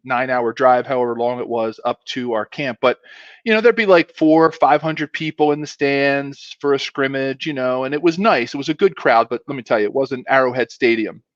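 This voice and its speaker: A man's voice: mid-range voice, dry recording, highs cut off. A man in his fifties, a former pro football player, telling a long story as a guest in a casual, rambling way with many asides.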